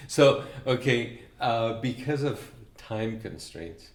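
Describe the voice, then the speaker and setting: A man's voice: mid-range voice, lively intonation, takes it slowly, echoey room. A man hosting an interview, prompting his guest with short questions and encouraging remarks.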